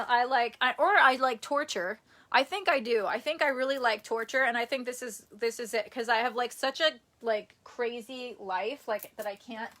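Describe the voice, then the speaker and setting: Chatty young woman, bright voice. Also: on the high side. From United States. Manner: chatty, self-deprecating, quick to laugh. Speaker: live streamer. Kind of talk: casual live-stream chat. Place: indoors at home near a bed. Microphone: phone or camera on a tripod.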